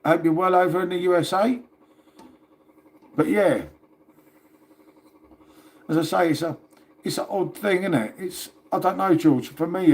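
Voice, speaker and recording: A man's voice: a little high, a little mellow. A man hosting a casual livestream, chatting and rambling to viewers and swearing now and then. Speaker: livestream host.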